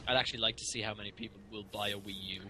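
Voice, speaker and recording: A man co-hosting a gaming stream and adding quiet, offhand remarks. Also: fairly low pitch, steady tone, very fast. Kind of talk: casual gaming chat.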